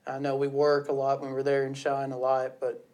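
A man's voice: mid-range voice, monotone, a little fast, a little mellow. A man, a guest, telling stories from a mission trip in a casual, plainspoken way, laughing often. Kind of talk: casual conversation.

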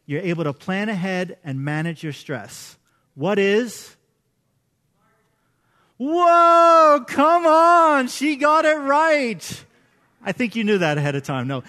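A middle-aged male pastor preaching to his congregation, animated and interactive, quizzing the audience. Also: sits high. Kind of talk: sermon. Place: church service.

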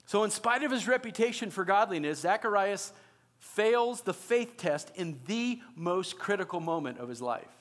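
Animated, high-voiced male preacher. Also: moderate pace. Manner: conversational, animated, asks the audience questions. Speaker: pastor. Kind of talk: sermon.

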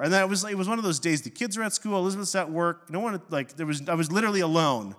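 A middle-aged male pastor preaching in a storytelling, self-deprecating way, his voice sitting a bit higher than most men's. He swings between quiet confiding asides and loud, animated bursts. A long reverb trails each phrase as if in a church sanctuary. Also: fast talker, few pauses. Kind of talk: sermon.

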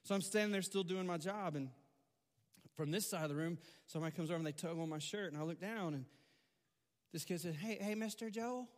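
A man pastor telling a personal story in a sermon, conversational and animated, with frequent repetitions. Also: on the high side, fast, long pauses. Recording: long hall reverb.

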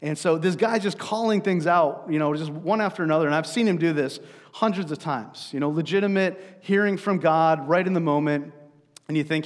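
A man's voice: fairly high pitch, normal speed, big-room sound. A man preaching a sermon as pastor, telling stories in a conversational way with frequent fillers and restarts.

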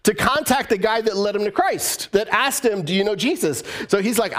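A man's voice: high-pitched, moderate pace, hardly any pauses. A male pastor preaching a sermon, telling stories with a voice that swings up and down. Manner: animated storytelling, voice rising and falling.

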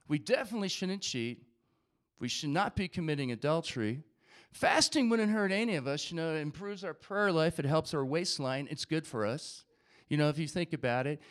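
A man preaching a sermon, reading scripture aloud and acting out the voices of the crowd. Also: sits high.

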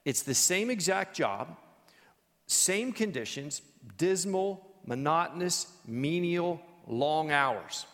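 A man teaching a church Bible study in a conversational, animated storytelling way. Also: on the high side, slow, long reverb tail.

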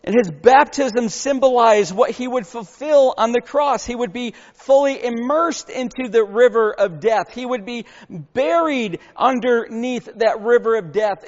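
A man's voice: very high voice, long reverb tail, muffled recording. A man preaching a sermon as a pastor, earnest and emphatic, posing rhetorical questions to the congregation.

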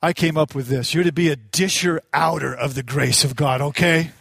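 A man's voice: on the high side, fairly even intonation, moderate pace, creaky, a bit bright, breathy edge, no echo. A middle-aged male pastor preaching a sermon in a conversational way, telling a personal story with feeling. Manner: conversational and self-deprecating, tells personal stories with emotion.

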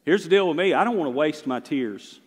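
A middle-aged man, a pastor preaching a sermon, swinging between loud and hushed delivery. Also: a little high, animated, fairly quick, slightly rough, in a large hall.

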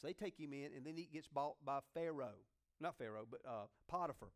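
A man preaching a sermon, retelling a Bible story in a folksy, joking way and acting out the characters' lines. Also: a little high.

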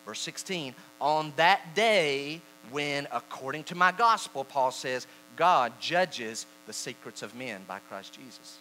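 A man preaching a sermon, reading scripture slowly and acting out the quoted voices with animation. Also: a little high, expressive, sharp tone, a little hiss or hum, rough recording. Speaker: pastor.

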